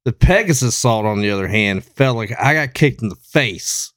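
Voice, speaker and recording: A man's voice: fairly low pitch, expressive, normal speed, no echo, clean studio sound. A man co-hosting a casual podcast, chatty and telling stories with blunt humor. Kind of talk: casual interview chat.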